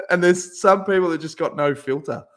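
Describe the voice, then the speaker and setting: A man's voice: fairly high pitch, normal speed, a bit bright. A man hosting a podcast, chatting and telling stories with laughter. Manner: laughing, storytelling banter. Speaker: podcast host. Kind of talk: casual chat.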